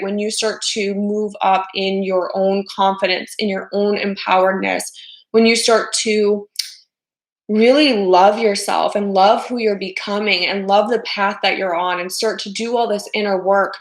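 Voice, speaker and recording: A woman hosts a casual livestream as a life coach. She talks chattily, with lots of "like" and "you know", and slips into the voices of the people she quotes. Her voice sits at a middle pitch and rings in a roomy space. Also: fairly even intonation, moderate pace. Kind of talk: casual livestream talk to viewers.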